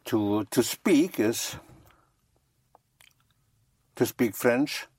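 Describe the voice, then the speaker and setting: A French teacher giving a slow, patient one-on-one lesson and spelling words out letter by letter. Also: mid-range voice, expressive, darkish tone, slightly rough.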